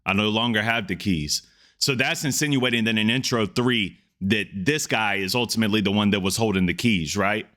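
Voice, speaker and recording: A man's voice: on the low side, normal speed, pushed and bright. A man hosting a music reaction video, talking in an earnest, reflective way and often restarting his sentences. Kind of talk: casual reaction commentary.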